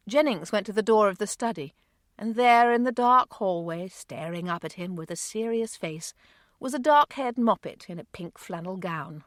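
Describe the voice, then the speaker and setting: A woman narrating a romance novel audiobook in a calm storytelling manner. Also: mid-range voice, moderate pace, no echo, clean studio sound.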